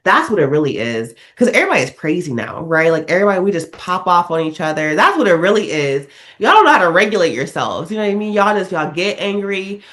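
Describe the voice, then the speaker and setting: Low-voiced woman podcast co-host. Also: fast. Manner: animated storytelling, acts out quotes. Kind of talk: casual chat.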